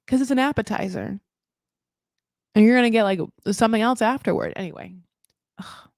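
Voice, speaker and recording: A woman's voice: fairly high pitch, moderate pace, pauses often, darkish tone, dry recording, clean studio sound. A woman hosting a casual reality TV recap. She talks in a sarcastic, rambling way, swears freely and says "like" a lot. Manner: sarcastic, rambling, profane, lots of "like". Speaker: host of a reality TV recap channel. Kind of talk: casual live recap commentary.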